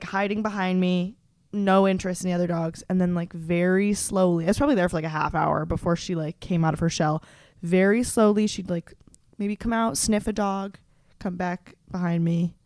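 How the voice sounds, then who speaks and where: A woman's voice: lowish voice, darkish tone, no echo, studio quality. A woman in her twenties, a podcast host telling casual stories in a chatty, profane way, full of fillers and restarts. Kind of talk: casual storytelling chat.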